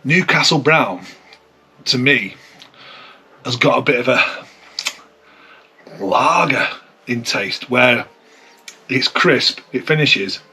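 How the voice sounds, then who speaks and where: A man talks through a beer tasting in a relaxed, chatty way, musing aloud as he goes. His voice has a husky, slightly rough edge at a middling pitch. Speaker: beer reviewer. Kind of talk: casual tasting review.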